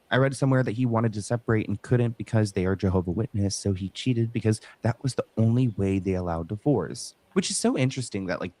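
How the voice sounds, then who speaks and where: A man's voice: fairly low pitch, a little mellow, no room sound. A man hosting a talk stream, reading news and online comments aloud with hedging asides. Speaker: podcast host.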